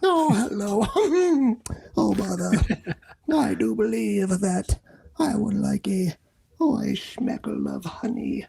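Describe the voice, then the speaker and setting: Sleepy gravelly cartoon bear, man doing the voice, yawny high falsetto. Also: expressive, slow pace, dark tone, exaggerated voice. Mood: dreamy. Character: honey-loving bear cartoon character, slow and sleepy.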